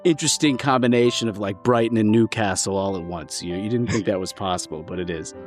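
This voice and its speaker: An American guest co-host on a podcast chats casually, rambling on in long stretches. His voice sits fairly low and he talks fast, with soft music playing in the background.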